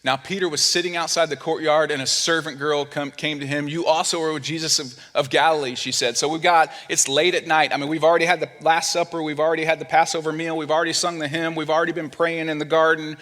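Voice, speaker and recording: A man preaching a sermon in a church, his voice sitting a little high for a man. He tells the story with life, putting on the voices of the people in it, then drops low and quiet when the point turns serious. A long hall reverb trails after his words. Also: little pitch movement, fast talker, hardly any pauses. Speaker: pastor. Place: church sanctuary.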